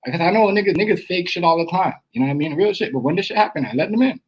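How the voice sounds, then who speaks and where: A man hosting a casual livestream, talking straight to his chat in a streetwise, animated way that repeats itself a lot. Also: high voice, racing, slightly rough, low-quality recording. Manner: animated, repetitive, streetwise slang, addresses chat directly. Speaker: livestream host.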